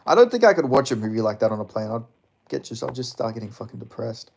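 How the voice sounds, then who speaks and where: A man's voice: medium pitch, big pitch swings, fast talker, gravelly, slight background noise. A man in his twenties chatting casually with his live-stream audience, rambling and swearing as he reads chat. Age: 20s. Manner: profane, rambling, laughs often.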